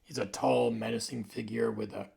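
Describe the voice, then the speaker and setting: A man in his forties hosts a casual, rambling monologue. His voice is heavily gravelly, with a mid-range pitch. He now and then drops into soft asides. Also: fairly even intonation, normal speed. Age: 40s. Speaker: video host.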